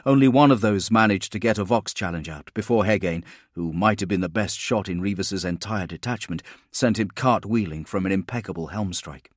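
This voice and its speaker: Low-voiced man narrating an audiobook. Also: no echo, studio quality. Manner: steady, measured storytelling. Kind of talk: scripted narration.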